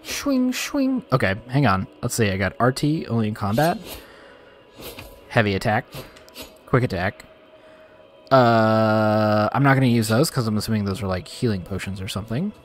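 A man giving excitable let's-play commentary, talking straight to his viewers and ranting playfully. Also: fairly low pitch, moderate pace, long pauses, soft background music. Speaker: gaming video creator.

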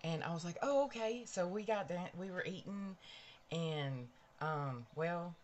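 A woman's voice: lowish voice, measured pace, muffled recording, a little hiss or hum. Bubbly woman hosting a live stream. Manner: chatty, bubbly, greets viewers by name. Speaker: livestream host. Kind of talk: casual live-stream chat. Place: bedroom at home.

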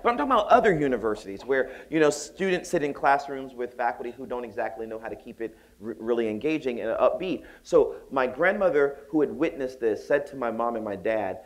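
A man from the Southern United States giving a conference keynote, telling stories in an animated, joking way with acted voices. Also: mid-range voice, brisk. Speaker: keynote speaker. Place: conference hall.

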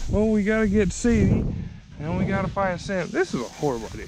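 A pet owner out on a trail, coaxing dogs in high sing-song calls, recorded on an action camera. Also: lively intonation, moderate pace, a little mellow, slight background noise. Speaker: pet owner filming a dog walk. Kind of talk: casual vlog talk to pets. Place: outdoors, field and trail. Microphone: action camera worn while out with the dogs.

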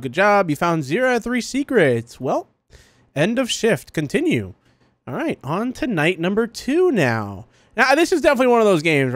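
Animated chatty young male gamer. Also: fairly high pitch. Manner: chatty, jokey, reacts aloud while reading in-game text. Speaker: gaming channel host. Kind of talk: let's play commentary. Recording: faint noise and clicks behind the voice.

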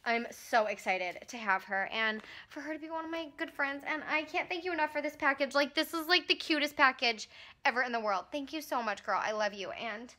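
A young woman in her twenties vlogging casually at home, gushing and gasping with excitement as she unboxes a gift. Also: sits high, brisk. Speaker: fitness vlogger. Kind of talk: casual vlog.

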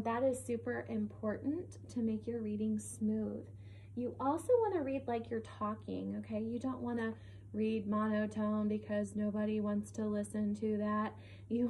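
A young adult woman teacher giving a reading lesson to young children, expressive and encouraging, checking in with little questions. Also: a little high, a little hiss or hum.

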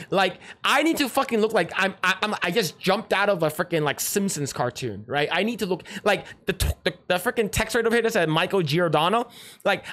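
A man's voice: high-pitched, a bit bright. A man hosting a livestream, reacting to a clip in rambling, sarcastic casual chat with frequent restarts and swearing.

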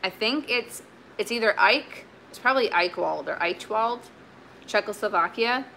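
A chatty woman talks through her thrift finds in an easy, rambling way, full of fillers and restarts. Her voice is bright and forward, with a faint hiss in the background. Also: mid-range voice, lively intonation, normal speed, vocal fry. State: sweaty, warm. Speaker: vintage reseller. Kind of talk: casual haul video chat.

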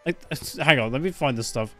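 A young man streaming a game live, excitable and foul-mouthed, reacting loudly and laughing often. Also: normal speed, faint music behind. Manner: excitable, swearing, laughing often, jumps up and down in pitch.

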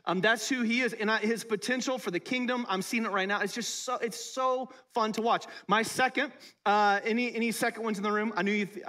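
High-voiced pastor preaching casually. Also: male voice, sharp tone. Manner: conversational, playful, talks to the congregation. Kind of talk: sermon. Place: church service.

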